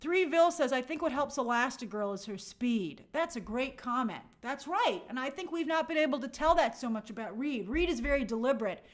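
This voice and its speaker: Female live-stream host, slightly high pitch, casual and conversational, thinks aloud with fillers. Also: lively intonation, brisk, hardly any pauses. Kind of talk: live-stream chat reading viewer comments.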